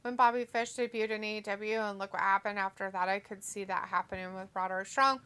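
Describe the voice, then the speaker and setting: A woman's voice: medium pitch, steady tone, quick pace, fairly bright tone, smooth. A woman co-hosting a casual live watch-along stream, reading viewer comments aloud and laughing easily. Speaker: stream co-host reading chat.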